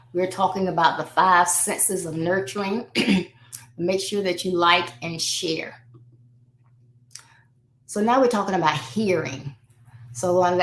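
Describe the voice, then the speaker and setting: A woman life coach hosting a live parenting advice talk, speaking conversationally and acting out exchanges between parents and children. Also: lowish voice. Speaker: life coach and show host. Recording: roomy echo.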